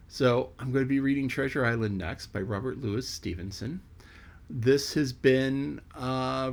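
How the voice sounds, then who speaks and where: A man reading a classic novel aloud as an audiobook reader, then rambling casually with lots of fillers. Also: on the low side. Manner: loose, rambling asides full of fillers.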